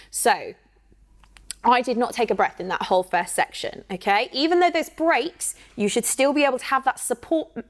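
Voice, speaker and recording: Bright-voiced singing teacher. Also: female voice, fairly high pitch. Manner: encouraging, checks in often with "okay?"; counts in and sings demo phrases. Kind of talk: online singing workshop instruction.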